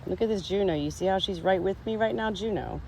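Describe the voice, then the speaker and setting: Earnest woman chatting outdoors, mellow voice. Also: mid-range voice, fast talker, gravelly, slight background noise, poor audio. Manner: chatty, earnest, talks to her animals. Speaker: vlogger. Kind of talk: spiritual farm vlog, talking to camera. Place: outdoors on a farm, then indoors with animals.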